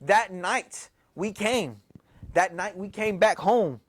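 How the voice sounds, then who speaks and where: Young guy, high-pitched, telling a story, slangy and cussing, repeats stuff a lot. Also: takes it slowly. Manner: slangy, profane, animated retelling with many repeats. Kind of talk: casual storytelling.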